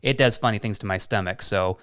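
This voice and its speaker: Smooth low-voiced easygoing guest. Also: male voice, a little fast, a bit bright, dry recording, clean studio sound. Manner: mild, joking, easygoing storyteller. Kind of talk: casual chat on a live stream.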